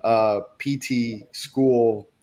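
Relaxed, encouraging male podcast host. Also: mid-range voice, extremely slow. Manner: relaxed and encouraging, with fillers like "right?". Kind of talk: casual interview chat.

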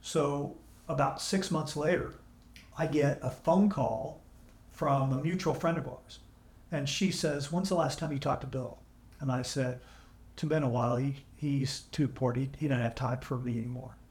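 Earnest male podcast guest, halting emotional storytelling, roomy audio. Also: mid-range voice, a little mellow. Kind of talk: candid storytelling. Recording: echoey room, AI-salvaged audio.

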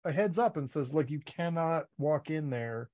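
A man's voice: fairly high pitch, lively intonation, moderate pace, a little mellow, dull audio. A man co-hosting a podcast, chatting casually about a book series and acting out characters' lines in funny voices. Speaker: podcast co-host.

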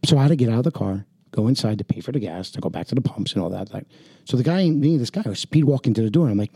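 Jersey co-host, husky, dark, swears, acts out everybody. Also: male voice, medium pitch, racing, no echo, clean studio sound. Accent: New Jersey. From New Jersey. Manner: animated, swears, acts out quotes. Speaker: podcast co-host. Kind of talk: casual storytelling chat.

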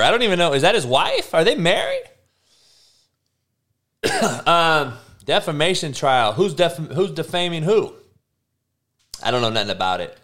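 A man's voice: mid-range voice, fairly bright tone. A young man hosting a livestream, ranting loosely in slangy, profane casual talk and answering viewers. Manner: loose slangy rants with swearing and laughs. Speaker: livestream host.

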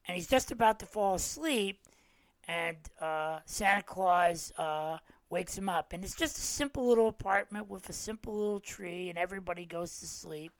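A man's voice: high-pitched, fairly bright tone, no echo. A middle-aged man hosting a podcast, casually retelling holiday specials and acting out the quoted lines, with many fillers. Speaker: podcast host.

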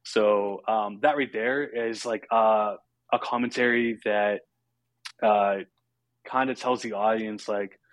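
Man, podcast host, low voice, dry close sound, relaxed plot recap. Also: slow pace, no room sound. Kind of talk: casual film discussion.

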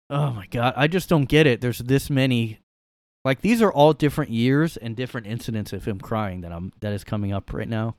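A man talks alone in his room, rambling and scoffing his way through commentary. His voice is clean and smooth, with a middling pitch. The recording is dry and close, with no room echo. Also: normal speed, long pauses, darkish tone. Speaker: podcast host. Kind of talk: casual solo commentary.

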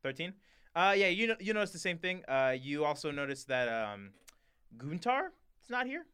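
A man's voice: fairly high pitch, big pitch swings, moderate pace, bright, forceful tone, clean tone. A man narrating as game master in a tabletop game, with hesitant talk and many fillers.

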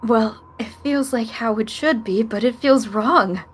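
A woman's voice: on the high side, unhurried, breathy edge. A woman playing a tabletop game, bemused and hesitant. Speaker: player.

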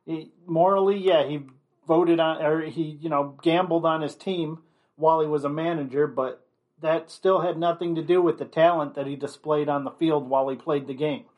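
A man's voice: a little high, fairly even intonation, moderate pace, a little mellow. A man giving an opinionated commentary monologue, blunt and rambling, leaning on constant "you know" fillers.

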